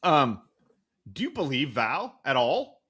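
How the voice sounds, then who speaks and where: A man's voice: mid-range voice, sing-song, slow pace, a bit bright, slightly rough. Sarcastic, profane male podcast co-host. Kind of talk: casual recap chat.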